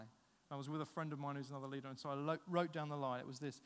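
Animated preacher man in a reverberant hall. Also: on the high side, racing. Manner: animated storytelling, acts out dialogue. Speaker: pastor. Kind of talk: sermon. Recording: long reverb of a large hall.

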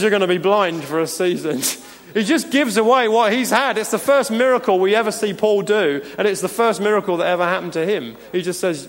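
In a church hall with long reverb, a male pastor preaches with earnest emphasis and the odd chuckle between points. He has a high-pitched voice and a brisk delivery with few pauses.

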